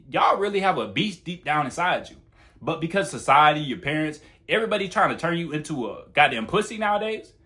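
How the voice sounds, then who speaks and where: A young man delivers a casual, fast-paced monologue to camera, blunt and heavy on profanity as he gives dating advice. His voice sits a little high for a man, and his pitch swings widely and animatedly from phrase to phrase. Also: fairly bright tone. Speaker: YouTuber giving dating advice.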